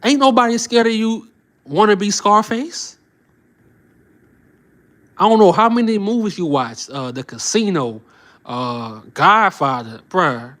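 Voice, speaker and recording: Mocking man with a lively pitch. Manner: mocking, laughs often, slangy. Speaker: reaction channel host. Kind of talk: casual reaction commentary.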